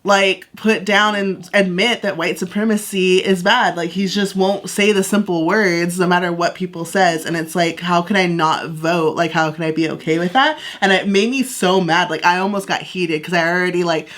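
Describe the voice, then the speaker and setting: A young woman co-hosting a casual podcast, with a somewhat low voice. She tells stories in a loose, chatty way, full of "like" and restarts. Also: fairly even intonation, normal speed, few pauses, fairly bright tone. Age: young adult. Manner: chatty storyteller, acts out quoted voices, frequent "like". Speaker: podcast co-host. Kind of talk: casual chat.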